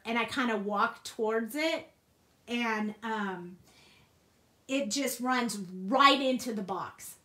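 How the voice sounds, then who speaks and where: Woman craft host, bubbly storyteller, higher voice, echoey room. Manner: animated, laughs often, acts out quoted voices. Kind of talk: casual storytelling while crafting.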